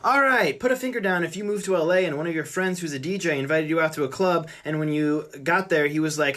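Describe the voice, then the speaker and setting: A man rapidly recounting a party story in second person, acting out what people said along the way. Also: fairly high pitch, a bit bright. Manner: breathless run-on recounting, acts out quoted people. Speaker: storyteller in a social video.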